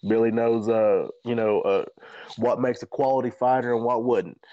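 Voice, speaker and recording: A man's voice: medium pitch, normal speed, dry recording, muffled recording. A man, a podcast host and fighter, telling a rambling, profane story in a casual chat. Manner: animated, profane, rambling anecdotes.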